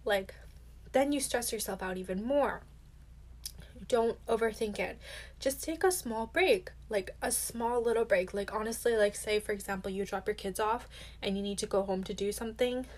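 A woman's voice: mid-range voice, moderate pace. A young adult woman hosting a self-help podcast, talking candidly and casually, filling her speech with "like" and swearing now and then. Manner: chatty, heavy use of "like", candid and swears casually. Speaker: podcast host.

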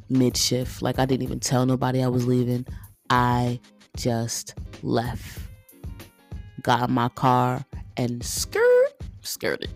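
A young woman with a gravelly, fry-laden voice tells a story to her podcast listeners in a loose, casual way. She is animated and keeps calling them guys and y'all, while soft music plays faintly behind her. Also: extremely low pitch. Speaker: podcast host.

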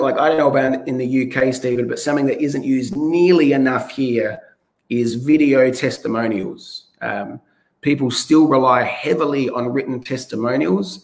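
A man from Australia, a real estate coach giving advice in an interview, his voice a bit hoarse and often restarting sentences. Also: medium pitch, moderate pace. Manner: restarts sentences, stresses key words. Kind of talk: podcast interview.

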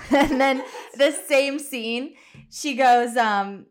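A woman's voice: a little high, slow. A young woman co-hosting a podcast, chatting casually about a film with lots of fillers. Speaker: podcast co-host.

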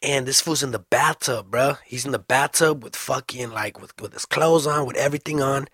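A young man telling a story casually, full of slang and swearing, animated and fast. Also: mid-range voice, slightly rough, dry recording, studio quality.

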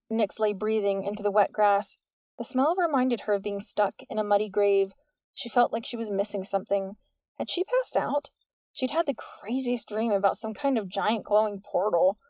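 A woman giving steady, measured scripted narration of a novel into a close studio mic. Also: medium pitch, no room sound. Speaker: audiobook narrator.

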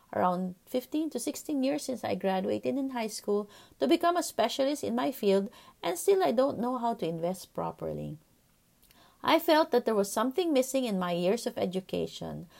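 Woman in her 40s hosting a podcast, earnest storytelling, some fry in her voice, middle pitch. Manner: earnest, reflective, steady telling with soft fillers. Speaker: podcast host, pediatrician.

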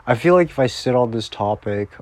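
A man's voice: medium pitch, expressive, brisk, a little mellow, no echo. A man crying as he records a rambling, profane, heartbroken personal voice message.

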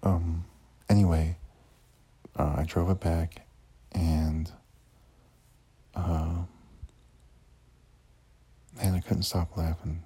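Super low raspy guy rambling thru a story, cussing a lot, kinda flat and dark sounding. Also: extremely slow, pauses often. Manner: rambling, profane, many fillers and restarts. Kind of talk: casual storytelling.

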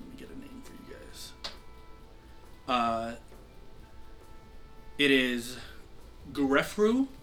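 Man running a tabletop game, bright tense voice, sore throat, lots of ums and restarts, faint music behind. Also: medium pitch. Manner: rambling, many fillers and restarts. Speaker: game master.

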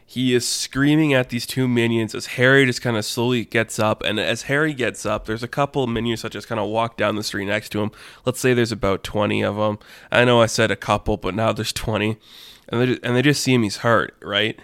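A man's voice: medium pitch, steady tone, a little fast, fairly bright tone, clear, resonant tone, no echo. A man telling an improvised story in a rambling, filler-heavy way, laughing at his own jokes.

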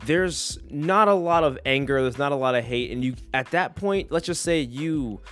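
A man around thirty hosting a solo podcast, rambling in a jokey, animated way. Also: fairly high pitch, moderate pace, clear, resonant tone, soft background music. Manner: rambling, animated, jokey, slips into silly voices. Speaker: podcast host.

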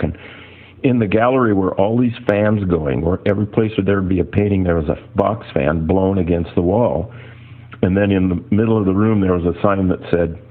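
Older male artist, low husky storyteller, tinny narrow recording. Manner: rambling anecdotal storyteller. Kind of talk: personal storytelling talk. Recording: tinny phone-like audio.

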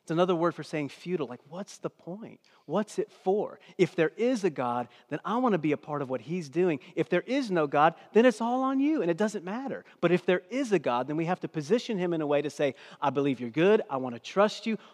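A middle-aged male pastor preaching a sermon in a church, swinging between hushed near-whispers and loud emphatic declarations. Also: on the high side, sing-song, quick pace, few pauses. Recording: long hall reverb.

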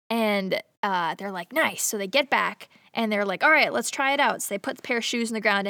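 A woman's voice: mid-range voice, fairly bright tone, dry recording, studio quality. A young woman casually retelling a movie plot to a co-host, chatty and giggly, acting out the characters' lines. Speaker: podcast co-host.

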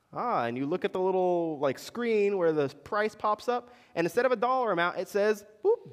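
Lively preaching man in echoing hall. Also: high-pitched, normal speed, few pauses, clear, resonant tone. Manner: conversational preaching with questions to the congregation. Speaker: pastor. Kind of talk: sermon. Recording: long reverb in a large hall.

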